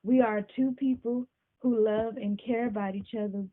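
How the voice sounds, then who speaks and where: A woman hosting a podcast, talking casually and warmly about friendship, often asking "you know what I'm saying". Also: a little high, steady tone, moderate pace. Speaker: podcast host. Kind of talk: casual talk to camera. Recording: tinny phone-like sound.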